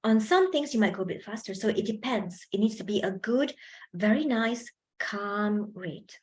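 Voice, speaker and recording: A woman leading a university workshop on public speaking, talking into a handheld mic with lively energy and frequent laughs. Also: mid-range voice, moderate pace. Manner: animated, laughs often, chatty fillers. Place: university event hall.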